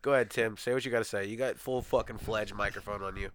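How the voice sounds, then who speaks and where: A man hosting a casual podcast, teasing his friends with crude, animated banter. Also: on the low side, fast, a little hiss or hum. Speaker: podcast host. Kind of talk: casual chat.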